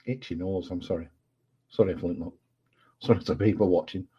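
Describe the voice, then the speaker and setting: An Englishman with a low, husky voice talks in a loose, rambling way, often pausing with fillers and apologizing. The sound is dull and lo-fi, like a computer mic at home. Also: steady tone, dark tone. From England. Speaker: guest. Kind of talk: casual livestream chat. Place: home at night.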